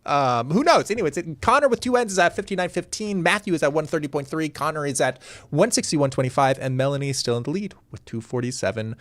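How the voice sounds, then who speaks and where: A man's voice: on the high side, animated, fast, few pauses, fairly bright tone, dry recording. A man hosting a livestreamed comedy game show, reading answers aloud with a chuckle and a playful tone.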